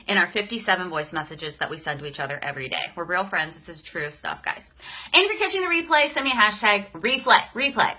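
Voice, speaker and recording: A woman's voice: lowish voice, big pitch swings, fast, pushed and bright. A woman hosting a casual live stream, gushing and emotional, greeting viewers by name with a shaky voice.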